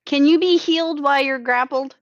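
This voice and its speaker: A woman's voice: sits high, fairly quick, dry recording, highs cut off. A woman in a tabletop game session, talking hesitantly and stammering in casual chat.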